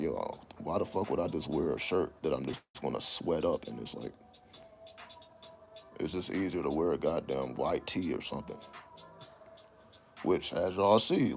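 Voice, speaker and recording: A man telling stories in a casual, profane monologue, breaking into high laughing exclamations. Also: vocal fry, a little mellow. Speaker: channel host.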